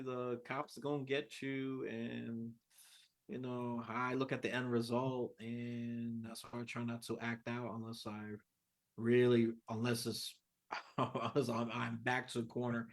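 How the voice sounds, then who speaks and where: Animated New York man, casual talk. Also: mid-range voice. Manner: animated, swings from soft to loud. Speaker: podcast guest. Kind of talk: casual interview chat.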